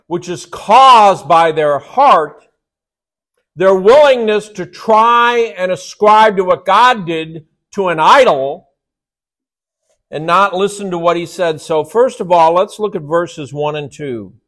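A man's voice: high voice, fairly bright tone. A man preaching a sermon to his church, emphatic and often asking rhetorical questions. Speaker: pastor.

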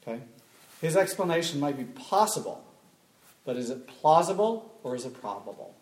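A man speaking to a live audience, animated and emphatic, firing off rhetorical questions and repeating key points. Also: a little high, normal speed. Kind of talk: live talk with call-and-response. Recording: echoey room.

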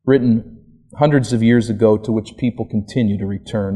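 A man's voice: lowish voice, steady tone, a little fast, dark tone, breathy edge. A man preaching a sermon, asking rhetorical questions and building to emphatic peaks.

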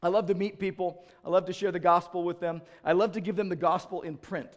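A male pastor preaching a sermon in an emphatic way, telling stories with acted-out exchanges and swinging between loud urging and quiet, low passages. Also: fairly even intonation, quick pace.

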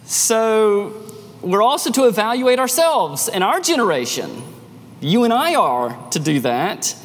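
A man preaching a sermon as a pastor, with an animated delivery that rises and drops sharply. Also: high voice, measured pace, long reverb tail.

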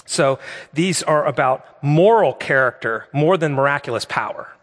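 A man's voice: fairly high pitch, expressive, normal speed, long reverb tail. A middle-aged man preaching a sermon in a conversational way, asking the congregation rhetorical questions. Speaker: pastor.

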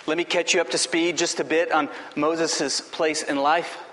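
A man pastor delivering an impassioned sermon, slowing down for emphasis and dropping to a hushed tone in prayer. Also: on the high side, flat delivery. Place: church sanctuary. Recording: echoey hall, faint noise.

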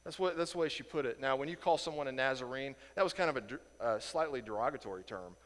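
A man from Indiana teaching a Bible lesson in a casual, animated way, acting out the people in the story and chuckling as he goes. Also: mid-range voice, fast, big-room sound. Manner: animated, acts out quoted voices, chuckles.

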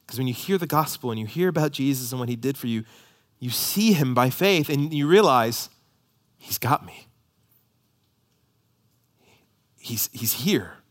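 A man in his thirties, a pastor preaching a sermon, swinging from loud emphasis to hushed near-whispers. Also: medium pitch, lively intonation, a little fast.

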